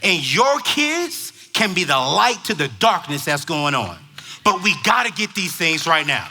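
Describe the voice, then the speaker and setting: Youth pastor giving a motivational talk. Man with a high voice and lively storytelling delivery. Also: a little slow, faint music behind. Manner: animated, dramatic storytelling.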